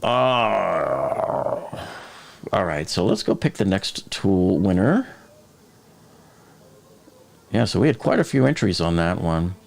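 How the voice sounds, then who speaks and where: A man's voice: low voice, big pitch swings, takes it slowly, vocal fry, pauses often. A man from the Boston area hosting a live stream, chatting casually, joking and reading viewer comments aloud.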